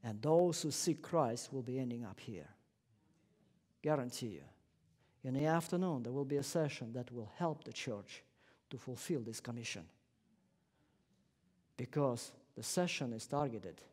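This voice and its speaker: A man's voice: mid-range voice, lively intonation, unhurried, pauses often, a little mellow. A man preaching a sermon in a church, emphatic and insistent, with non-native phrasing that drops small words. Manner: emphatic, repeats guarantees. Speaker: guest preacher. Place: church sanctuary.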